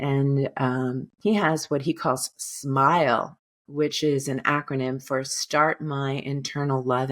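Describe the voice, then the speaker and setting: Woman, healer guest, low voice, unhurried pace, calm and gentle. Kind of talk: podcast interview conversation and guided breathing meditation.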